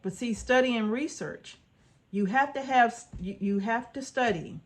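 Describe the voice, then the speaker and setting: Speaking at a measured pace in a voice that's a little high, she's a homesteading vlogger giving viewers casual but earnest guidance. Informal and folksy, she circles back over her points and asks "right?"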